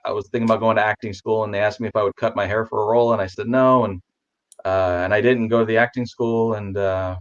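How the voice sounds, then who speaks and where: Low-voiced man on a dull lo-fi call. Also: steady tone, fast talker. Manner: rambling, with many restarts and fillers, warm about his pets. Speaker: guest. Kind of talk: casual video chat interview.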